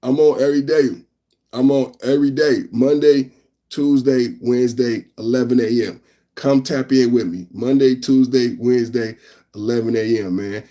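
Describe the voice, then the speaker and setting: A man's voice: medium pitch, fairly even intonation, normal speed, dark tone. A man hosting a live news reaction podcast, rambling and talking straight to his chat, repeating phrases and tacking on "man.". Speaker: podcast host.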